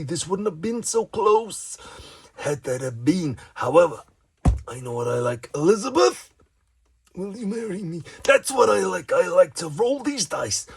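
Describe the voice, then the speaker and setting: Mężczyzna udający chełpliwego macho gracza w kości. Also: male voice, a little high, a little hiss or hum. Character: boastful macho male dice player, swaggering.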